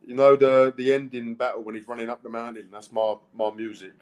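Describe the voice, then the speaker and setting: A man, a boxer talking plainly in a casual interview, blunt and halting, with restarts. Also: medium pitch, steady tone, a little mellow, rough recording. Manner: plain-spoken, few words, halting restarts.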